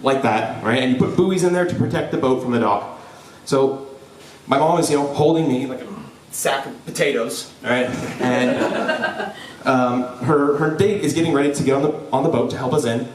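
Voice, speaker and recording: A young man telling a personal story live before an audience, lively and joking, with frequent "right?" asides to the crowd. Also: mid-range voice, normal speed, slight background noise. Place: event hall before an audience. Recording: roomy hall, voice from a distance.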